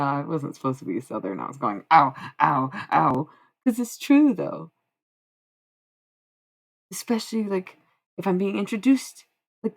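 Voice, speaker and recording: A woman's voice: a bass voice, vocal fry, darkish tone. A woman livestreaming in casual chat, talking candidly with frequent profanity and self-mocking humor.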